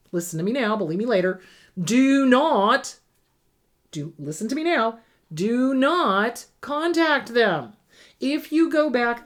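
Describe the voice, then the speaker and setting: A middle-aged woman therapist answering viewer questions in a blunt, emphatic advice talk, sometimes mocking abusers in put-on voices. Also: on the high side.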